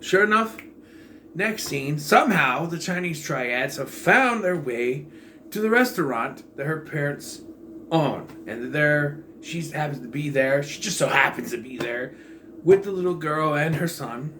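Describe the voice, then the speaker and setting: A man's voice: a little high, lively intonation, measured pace, bright, forceful tone, slight background noise. A man giving a casual, rambling movie review in a sarcastic, blunt way.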